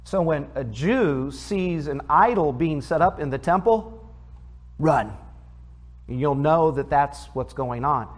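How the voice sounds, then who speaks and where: Pastor teaching scripture, conversational. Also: male voice, fairly high pitch, expressive, slow. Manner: conversational, asks the congregation questions; reads scripture aloud, then explains it. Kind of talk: sermon, Bible teaching.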